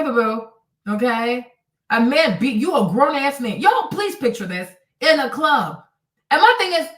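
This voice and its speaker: A high-pitched woman talks a little away from the microphone, and her voice rings in a roomy, echoing space. She comments bluntly on a news clip, swearing freely and mocking the people in it with acted-out quotes. Her tone stays sarcastic and scornful throughout. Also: fairly bright tone, distant mic. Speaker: commentary streamer. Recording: echoey room, voice away from the mic.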